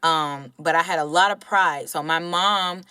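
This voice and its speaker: A young adult woman from Georgia, telling a story in casual podcast chat, animated and candid. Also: sits low, unhurried, clear, resonant tone, dry recording. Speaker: podcast co-host.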